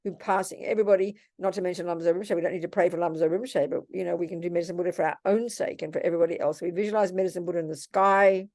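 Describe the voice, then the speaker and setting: A woman's voice: fairly low pitch, mellow, no echo, clean studio sound. An older woman, a Buddhist nun, teaching in a question-and-answer session, blunt and scolding but calling people darling.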